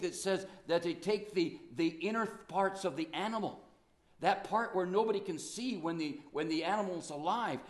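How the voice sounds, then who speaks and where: An older man preaching a sermon in an earnest, fervent way, slowing to stress key phrases. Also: sits high.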